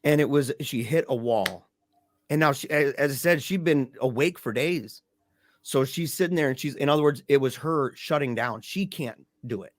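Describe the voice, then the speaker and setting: This man's voice sits in the mid range and moves at a moderate pace. He's a grieving father from Michigan, guesting on a podcast and recounting a painful family story casually and emphatically, tossing in "dude" and "man" throughout.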